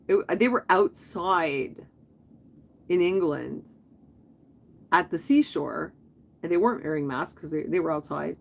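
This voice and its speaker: A woman's voice: on the low side, unhurried, gravelly, long pauses. A woman hosting a casual live stream, talking in a rambling, chatty way that jumps from topic to topic.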